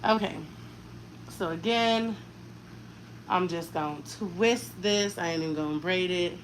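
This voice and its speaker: A mother in her thirties styles her daughter's hair while chatting casually, frankly, and in plenty of slang. Her voice is on the low side and her pace measured. The audio is low quality with a little background noise.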